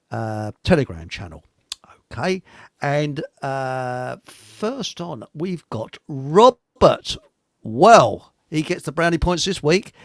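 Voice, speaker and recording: Male radio host, middle-aged, rambling joker, slightly high voice, dry sound. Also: creaky, no echo. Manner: chatty, rambling and jokey, laughs at his own lines. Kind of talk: live online radio chat show.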